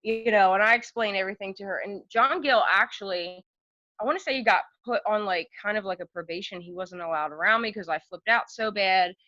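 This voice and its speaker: Bright-voiced woman telling stories. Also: medium pitch, a little fast, no room sound, muffled recording. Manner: chatty, laughs often, lots of fillers. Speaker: podcast guest. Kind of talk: casual storytelling chat.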